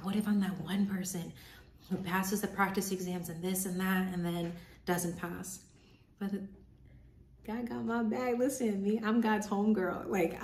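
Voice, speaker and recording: A young woman telling a personal story in a casual vlog, chatty and animated, acting out what she and others said. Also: lowish voice, echoey room, a little hiss or hum. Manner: chatty, animated retelling with quoted inner voices. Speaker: vlogger, medical student.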